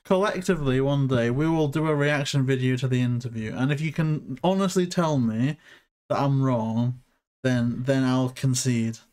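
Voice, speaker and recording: A man's voice: mid-range voice, moderate pace, darkish tone. A man from the UK, co-hosting a casual review podcast, talking in a playful, rambling way and getting defensive in the banter. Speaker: co-host.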